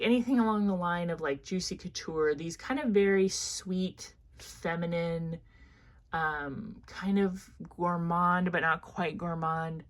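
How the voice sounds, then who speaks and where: A woman's voice: on the low side, a bit bright. Chatty Midwestern woman reviewing perfumes. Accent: Midwestern American. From American Midwest. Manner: chatty, thinking aloud, lots of fillers. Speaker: fragrance reviewer. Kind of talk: casual product review.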